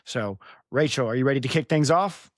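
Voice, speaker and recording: A young American man with a dry, close sound hosts a casual book podcast. He rambles and pokes fun at himself, laughing often as he recaps chapters. His voice sits at an ordinary middle pitch. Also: dry recording. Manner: rambling, self-deprecating, quick to laugh. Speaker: podcast host.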